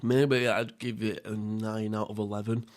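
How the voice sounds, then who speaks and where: A man's voice: on the low side, level tone, normal speed. A young man hosting a casual mukbang podcast, rambling and swearing, often laughing at himself. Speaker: podcast host. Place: at home, seated.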